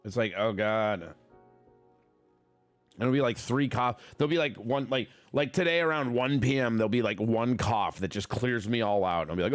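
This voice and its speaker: A man's voice: on the low side, moderate pace, no room sound, faint music behind. A man hosting a podcast, chatting casually in a loose, profane, joking way, sounding a bit congested. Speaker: podcast host. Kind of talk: casual chat.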